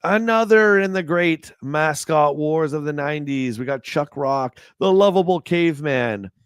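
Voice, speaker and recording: A man's voice: on the high side, unhurried, clean tone, dry recording, clean studio sound. Wry man reading old reviews. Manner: reads magazine reviews aloud with wry, joking asides; chats back to a live chat. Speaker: livestream host. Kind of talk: casual livestream commentary.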